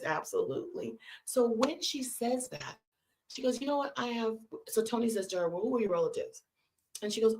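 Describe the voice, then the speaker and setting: A woman's voice: a little high, unhurried. A woman hosting a live stream from California, telling a long personal story to her viewers and acting out the people in it. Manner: animated storyteller acting out quoted voices. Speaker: host.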